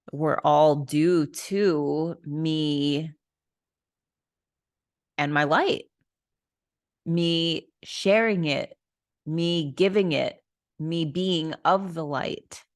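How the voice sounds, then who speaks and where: Low, slow-talking woman telling a story. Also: dry recording, studio quality. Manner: candid, casual, swears and laughs. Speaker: podcast host. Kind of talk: personal storytelling monologue.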